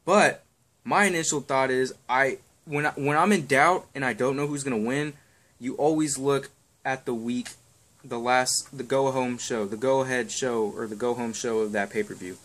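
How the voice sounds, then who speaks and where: A man's voice: medium pitch, fairly even intonation, moderate pace, a bit bright. A young man giving wrestling match predictions in a rambling, crude, offhand chat full of ums and swearing. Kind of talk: casual chat.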